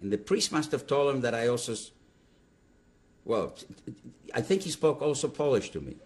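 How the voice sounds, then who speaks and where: An older man telling his story in an interview, animated and halting, with restarts mid-sentence. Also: medium pitch. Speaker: Holocaust survivor giving testimony. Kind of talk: interview testimony.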